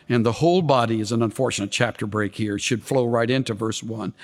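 A male preacher giving an expository sermon, animated, with dramatic swings of voice when he quotes. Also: long reverb tail. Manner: animated, dramatic shifts in pitch when quoting.

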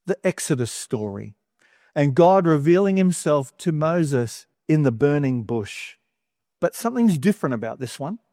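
A man's voice: fairly high pitch, darkish tone, no echo, studio quality. A man, giving a conversational Bible teaching as a preacher, with casual, playful asides.

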